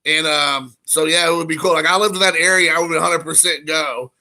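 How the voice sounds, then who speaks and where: A man's voice: a little high, fairly even intonation, brisk, sharp tone. A man hosting a casual live stream, rambling with lots of fillers and greeting viewers in chat. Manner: rambling, frequent fillers, reads chat aloud.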